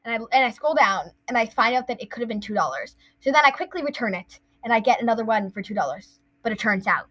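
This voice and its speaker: Woman podcast co-host, high and bright, playful rambling chat. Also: lively intonation, fast talker, few pauses, low-quality recording. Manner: rambling, playful make-believe storytelling. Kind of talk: casual chat.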